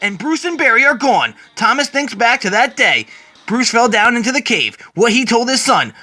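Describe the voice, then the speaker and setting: A man's voice: very high-pitched, sing-song, normal speed, pushed and bright. A man retelling a comic book story as a dramatic reading, quoting the characters along the way.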